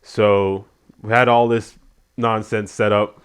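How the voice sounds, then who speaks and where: A man's voice: fairly low pitch, takes it slowly, smooth. A man giving a casual spoken review of a wrestling show, animatedly retelling what happened. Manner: animated retelling, acts out quotes.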